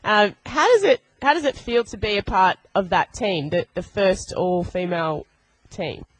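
A woman's voice: medium pitch, expressive, normal speed, breathy edge, no room sound, low-quality recording. A woman radio host in a casual interview, chatty and enthusiastic, laughing often.

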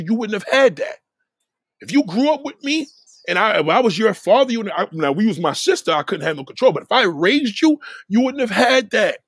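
Man, livestream host, lecturing rant, husky and dry, high pitched. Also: no room sound. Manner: blunt, lecturing, swings between loud and low. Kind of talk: profane casual rant.

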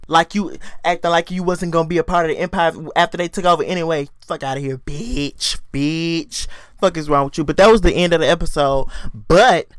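Profane animated man recapping a show. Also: fairly high pitch, clear, resonant tone, no room sound. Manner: profane, animated, acts out scenes in voices. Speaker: TV recap commentator. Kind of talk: casual comedic episode recap.

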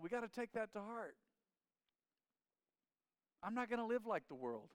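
A man in his forties preaching in church, lively and inviting the congregation to call back. His voice is smooth and resonant, pitched slightly high for a man. The sound is dry and close. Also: normal speed, long pauses, no echo. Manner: animated preacher, calls for congregation responses. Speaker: pastor. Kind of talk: sermon. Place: church sanctuary.

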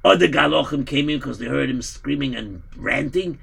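A man telling a story live, animated and emphatic, stumbling over words at times. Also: medium pitch, creaky, breathy edge. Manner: animated, emphatic, halting restarts.

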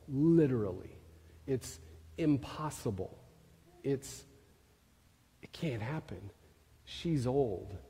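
A man giving a sermon, telling a story with emphatic questions and soft drops. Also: lowish voice, slightly rough. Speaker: pastor. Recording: long hall reverb.

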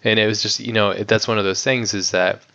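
Male guest, low gravelly voice, smooth and resonant underneath, loose chatty delivery with frequent fillers, dull lo-fi recording. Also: fairly even intonation, fast, pushed and bright. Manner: rambling, heavy on "like", swears casually. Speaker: guest filmmaker. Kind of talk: casual podcast interview. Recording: dull lo-fi audio.

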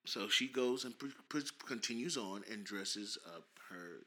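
A man in his thirties co-hosting a casual podcast, animated and teasing, laughing often. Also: fairly low pitch, measured pace. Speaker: podcast co-host, father.

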